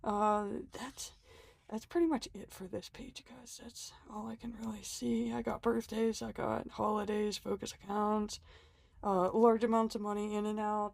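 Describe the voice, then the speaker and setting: A woman's voice: mid-range voice, level tone, unhurried, creaky, a little mellow, no echo. A woman talking through her budget planner in a casual vlog, sick and short of breath, chatty with lots of ums and small laughs. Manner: chatty, self-deprecating, frequent ums and laughs. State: sick and winded. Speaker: planner vlogger.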